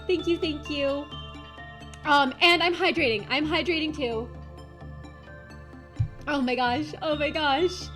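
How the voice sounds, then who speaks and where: A woman VTuber streamer chatting casually on a live stream, gushing and excitedly thanking her chat. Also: high-pitched, slow, long pauses, faint music behind.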